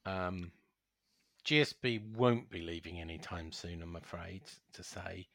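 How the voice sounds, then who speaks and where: A man's voice: deep voice, unhurried, vocal fry, a bit bright, dry recording, studio quality. A man co-hosting a casual talk show, answering listener questions with teasing quips. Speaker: podcast co-host. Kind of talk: casual banter.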